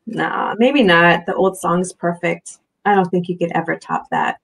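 A woman reading the lines of a warm, serene, motherly older woman from her novel, in a soft and fond way. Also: fairly low pitch, huge pitch swings, a little slow, creaky, heavily acted, rough recording. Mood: tender.

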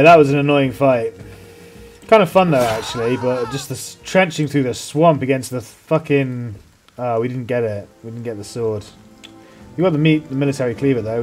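A man commentating his own strategy gameplay, swearing freely and getting loud when the fight turns. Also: mid-range voice. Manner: excitable, swears a lot, mocks enemies. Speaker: let's play host.

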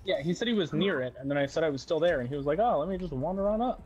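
A man's voice: a little high, animated, rapid-fire, darkish tone, highs cut off. A man chatting casually with friends while gaming, teasing them with mock threats. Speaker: gamer on a group stream.

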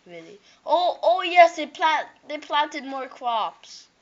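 A woman chatting through her gameplay, excitable and jokey, with sing-song repeated words. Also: sits high, slow, dull audio. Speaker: gameplay commentator. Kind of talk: casual game commentary.

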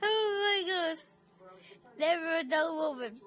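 A woman's voice: very high-pitched, animated, slow pace, fairly bright tone, soft background music. A Scottish woman chatting casually in a home vlog, giggling often and bluntly teasing her dogs. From Scotland. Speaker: vlogger.

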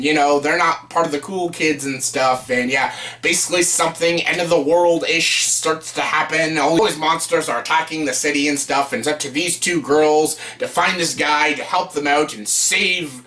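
A young man from Canada giving a casual, blunt movie review, sarcastic and quick to swear. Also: on the high side, sharp tone.

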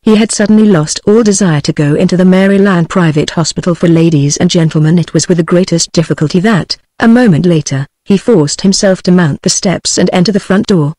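A woman's voice: on the low side, a little fast, few pauses, dry recording. Brief: British English TTS woman, audiobook narration, dry close sound. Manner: even, synthetic reading. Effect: text-to-speech voice. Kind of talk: scripted narration.

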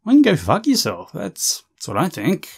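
A man giving loud, sarcastic, swear-filled reaction commentary on a video. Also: on the high side, wildly swooping pitch, brisk, creaky, slightly rough. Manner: brash, sarcastic, swears constantly.

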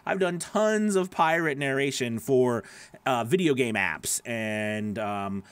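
A man's voice: medium pitch, slow, clean tone, no room sound. Chatty man rambling through advice. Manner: rambling, with many fillers and restarts; reads out and answers viewer comments by name. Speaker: voice actor hosting a live stream. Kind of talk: casual live-stream advice chat.

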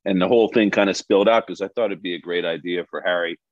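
Deep-voiced man on a dull call line. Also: steady tone, quick pace, no room sound. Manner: rambling, searching for words. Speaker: actor, guest. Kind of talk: casual chat. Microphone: video call.

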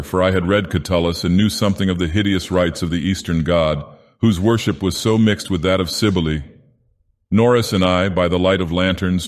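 A man narrating an audiobook in character as an ancient, menacing male god-king villain from a fantasy game, speaking slowly and gravely. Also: low voice, lightly acted. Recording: long echoing reverb.

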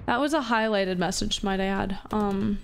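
A woman's voice: medium pitch, moderate pace, vocal fry, slight background noise. A woman from Canada, chatting casually on a live stream while gaming, playful, swearing, laughing and reading chat aloud. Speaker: VTuber streamer.

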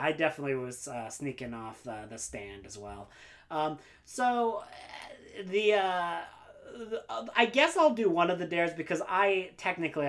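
A man's voice: fairly high pitch, a bit bright. Young male book vlogger, casual and rambling, self-deprecating, fillers everywhere. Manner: rambling and self-deprecating, full of ums and likes. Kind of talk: casual book tag vlog.

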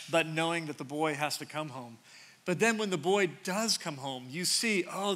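A middle-aged man preaches to a congregation in a large church sanctuary. His voice is bright and sits a little high for a man. He talks in a loose, conversational way, restarting phrases and slipping into quick asides. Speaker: pastor. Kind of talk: sermon.

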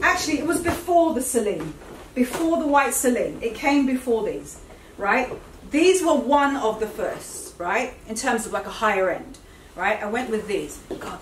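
Speaking to camera from her home, this middle-aged fashion vlogger from Britain chats casually and eagerly, frequently fixing her words mid-sentence. Her voice is on the high side, picked up in a roomy, slightly distant recording with a little background noise.

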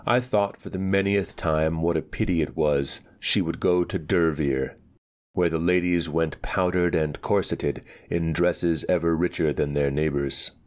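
A man narrating a dark fantasy story in a calm, measured storytelling voice. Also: rumbling low. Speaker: audiobook narrator. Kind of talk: scripted narration.

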